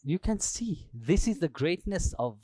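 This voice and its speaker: A male spiritual teacher telling a sacred story during a live talk in a temple, acting out the characters with animated delivery. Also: a little high, unhurried, husky, no echo. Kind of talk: storytelling sermon.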